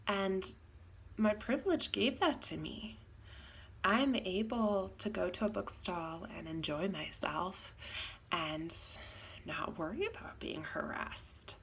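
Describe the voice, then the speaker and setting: Slow, gravelly-voiced woman telling a story. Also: lowish voice, slight background noise. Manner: halting, thoughtful, dropping to soft whispered asides. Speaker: podcast host. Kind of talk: reflective personal storytelling.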